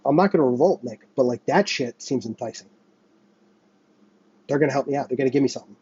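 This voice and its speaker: A man's voice: mid-range voice, fast, dark tone, breathy edge, dry recording, lo-fi sound. Profane young man ranting. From United States. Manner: profane, sarcastic, heated ranting. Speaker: podcast host. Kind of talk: ranting solo podcast monologue.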